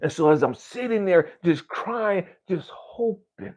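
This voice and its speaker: Swearing frequently, a male spiritual coach pours out a confessional, emotional pep talk that swings from quiet murmurs to near-shouting. His intonation is lively and his delivery a little slow.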